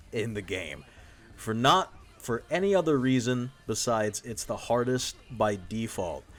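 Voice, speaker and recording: Crude, jokey young man, slow drawl. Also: medium pitch. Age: young adult. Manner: crude, profane and irreverent; jokey, laughs at his own gags. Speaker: video essay host. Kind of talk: comedic gameplay commentary voice-over.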